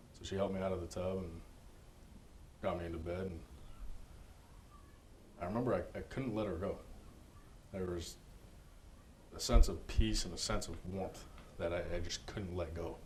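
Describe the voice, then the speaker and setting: A man with a very low, deep voice shares a personal testimony. He talks earnestly and haltingly, often restarting sentences. There is a faint hiss of noise behind him. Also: a little mellow, rough recording. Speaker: church member giving testimony.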